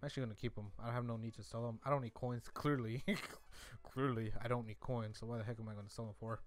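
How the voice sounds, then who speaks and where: A man's voice: medium pitch, steady tone, fast talker, soft background music. A young man giving rambling casual commentary while opening game card packs, repeating himself with mock-defensive asides. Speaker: gaming YouTuber.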